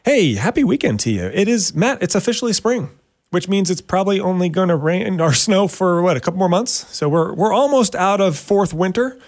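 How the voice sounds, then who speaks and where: A man's voice: brisk, no room sound, clean studio sound. A man hosting a weekend radio talk show, joking and teasing himself as he talks about his subject. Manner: joking, self-mocking, animated with sudden pitch jumps. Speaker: radio show host and realtor.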